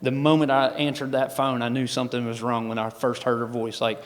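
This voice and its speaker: A man's voice: mid-range voice, level tone, normal speed, a bit bright. A man gives a folksy personal testimony as a guest speaker, with many restarts. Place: large event hall. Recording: long hall reverb.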